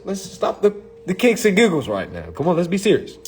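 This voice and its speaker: A man, talking in a profane, excitable casual monologue, reading legal text aloud and mocking it. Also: high-pitched, brisk, slight background noise. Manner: profane, excitable, laughs often, reads text aloud and mocks it. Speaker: commentator on consumer law.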